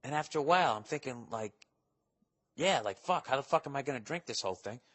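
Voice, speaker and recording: A man's voice: mid-range voice, animated, fast, fairly bright tone, in a large hall. A man in his forties hosting a podcast, rambling through listener mail in a profane, sarcastic, comedic monologue. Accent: Boston. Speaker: podcast host.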